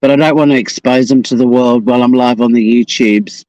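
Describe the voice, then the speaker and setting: A man's voice: mid-range voice, steady tone, brisk, a little mellow, dry recording, lo-fi sound. A man with an Australian accent, from Tasmania, hosting a casual live stream outdoors on the coast, profane and joking as he chats. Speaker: livestream host.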